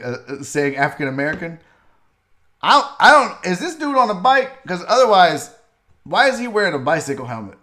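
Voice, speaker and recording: Animated high-voiced man, profane talk host. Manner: animated, profane, laughs a lot. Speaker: sports radio host. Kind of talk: comedic commentary on a video.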